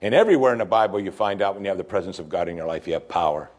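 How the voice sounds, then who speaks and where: A male pastor delivering a sermon, preaching emphatically with pitch that climbs and falls. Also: racing.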